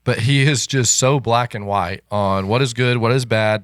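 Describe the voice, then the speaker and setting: A man's voice: mid-range voice, normal speed, no room sound, clean studio sound. A man co-hosting a podcast, explaining a Bible character in an earnest, matter-of-fact way. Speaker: podcast co-host. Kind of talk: casual Bible discussion.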